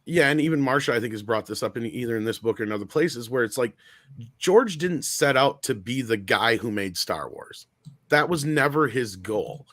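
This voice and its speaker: A man hosting a casual podcast discussion, telling stories in an animated way and swearing freely. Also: mid-range voice, normal speed, no echo. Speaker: show host.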